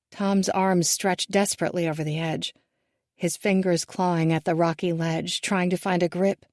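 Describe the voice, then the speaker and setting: A woman narrating a first-person thriller audiobook in a measured, hushed and tense manner. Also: on the low side, no room sound, studio quality.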